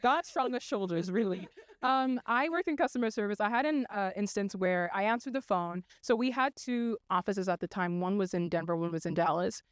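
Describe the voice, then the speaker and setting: A young woman from Congo, raised in South Africa, speaking as a podcast guest and telling her story in a measured, articulate way. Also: mid-range voice, clear, resonant tone, dry recording. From Democratic Republic of Congo, raised in South Africa. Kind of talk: casual interview chat.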